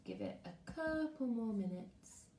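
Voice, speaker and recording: A woman with a fairly high, unhurried voice teaches her primary pupils over a live stream from her living room. She greets them by name, reads out comments, and chats in a lively manner before reading aloud. The room is echoey, with slight background noise.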